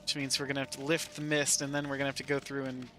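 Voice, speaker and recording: A man's voice: mid-range voice, little pitch movement, rapid-fire, sharp tone. A man streaming a video game, making casual, joking asides as he plays. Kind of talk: casual gaming commentary. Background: game music.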